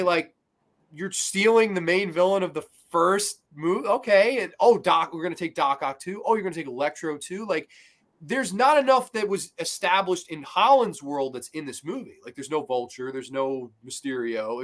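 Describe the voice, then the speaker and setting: A man's voice: fairly high pitch, normal speed, fairly bright tone. A man as a podcast guest in casual movie talk, blunt and profane, firing off rhetorical questions.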